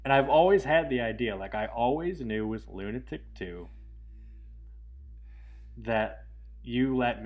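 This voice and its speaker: A man giving casual, rambling commentary on his own short film, enthusiastic and quick to laugh. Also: on the low side.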